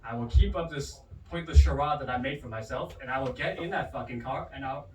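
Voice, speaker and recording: A man doing a stand-up comedy set at a bar comedy night, animated and swinging his pitch hard for punchlines. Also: brisk, very noisy. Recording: roomy, distant bar recording with audience. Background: crowd laughter.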